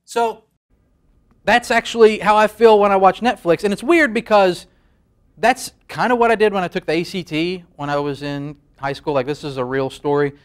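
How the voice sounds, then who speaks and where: Thirties male host, higher voice, loose self-deprecating comic monologue to camera. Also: steady tone, normal speed, clean tone. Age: 30s. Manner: rambling, self-deprecating, laughs at own jokes. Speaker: late-night show host. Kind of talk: comedic monologue. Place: studio. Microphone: facing a camera.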